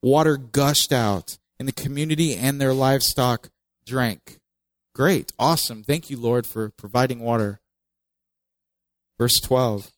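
A man's voice: mid-range voice, measured pace, no room sound, low-quality recording. A man preaching a sermon in a conversational way, reading scripture aloud with emphasis and adding joking asides. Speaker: pastor.

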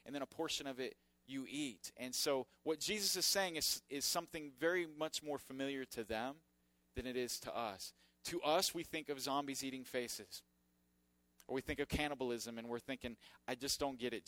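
A man preaching a sermon as pastor, swinging between loud emphatic points and quiet asides. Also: mid-range voice, no echo.

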